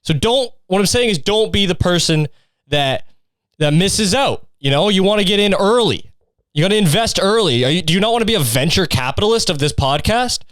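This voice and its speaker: A man's voice: sits high, animated, fairly quick, fairly bright tone, no room sound, clean studio sound. A young man hosting a solo comedy podcast, rambling through a crude, insult-heavy rant. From Canada. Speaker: podcast host.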